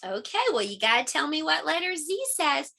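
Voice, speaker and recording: A woman's voice: high voice, animated, brisk, creaky, sharp tone. A middle-aged woman teaching a preschool lesson to small children, encouraging and sing-song. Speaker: homeschool pre-K teacher.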